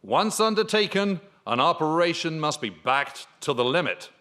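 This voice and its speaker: A man doing an impression of a firm older American general with a higher-pitched voice, in a stern, declarative manner. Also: sing-song, moderate pace, a bit bright.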